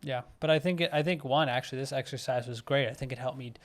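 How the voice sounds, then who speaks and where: A man's voice: mid-range voice, fast talker. A man co-hosting a menswear podcast, chatting casually and chiming in with short remarks. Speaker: podcast co-host. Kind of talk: casual chat.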